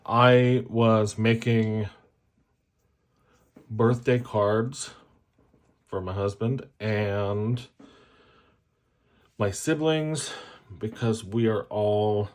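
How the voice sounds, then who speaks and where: Swatching fountain pen inks for his viewers, this adult dad reviewer keeps things casual, joking around and mocking himself with chatty digressions. His pitch is fairly low, and his delivery is extremely slow with frequent pauses.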